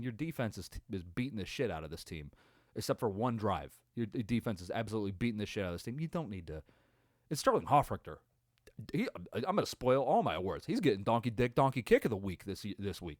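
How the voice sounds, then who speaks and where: A man's voice: fairly low pitch, no room sound, clean studio sound. A man hosting a podcast, reacting to a game in a casual, profane, rambling rant full of exasperation. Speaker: podcast host.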